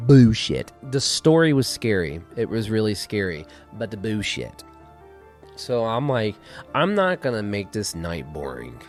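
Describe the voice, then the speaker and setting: Rambling low-voiced guy, cussing casually. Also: a little mellow. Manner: rambling, profane, drops to a mumble. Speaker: podcast co-host. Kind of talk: casual chat.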